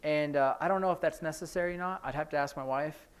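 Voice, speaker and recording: A man leads a relaxed sign language lesson, chatting his way through each sign. His speaking voice sits a little higher than most men's. He talks informally and often pauses on fillers as he demonstrates. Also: clear, resonant tone. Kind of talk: casual classroom teaching. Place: church classroom.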